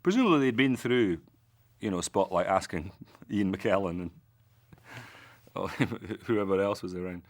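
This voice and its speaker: A man's voice: deep voice, lively intonation, unhurried. A man, an actor, telling self-mocking, joking anecdotes in an interview.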